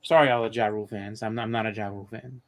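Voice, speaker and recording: A man's voice: on the low side, steady tone, very fast. A man in his thirties hosting a live comics show, chatting casually and rambling through stories with many restarts and fillers. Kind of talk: casual chat.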